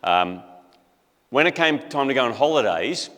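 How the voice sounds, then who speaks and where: A man's voice: mid-range voice, expressive, moderate pace, fairly bright tone, big-room sound. A middle-aged man, telling a story in a casual, conversational talk full of asides. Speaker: speaker.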